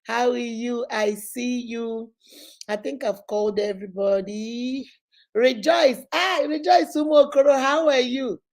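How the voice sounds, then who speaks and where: A woman's voice: on the high side, steady tone, unhurried. A middle-aged woman with a Nigerian accent hosts a live stream, greeting viewers by name in an exuberant, preachy way.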